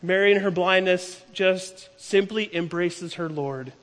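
High-voiced preacher in a big echoing hall. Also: male voice. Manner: storytelling, emphatic, slows down for key lines. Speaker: pastor. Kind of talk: sermon. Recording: long hall reverb.

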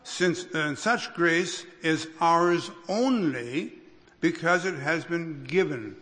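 A man preaching a sermon as a pastor, unhurried, with restarts and careful emphasis. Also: fairly high pitch, fairly bright tone. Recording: long reverb of a hall.

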